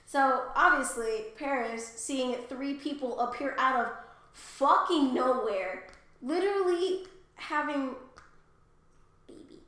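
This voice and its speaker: A woman's voice: high voice, slow pace, long pauses, a bit bright. A young woman co-hosting a podcast, retelling a myth in rambling casual chat and swearing easily. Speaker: podcast co-host. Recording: echoey room.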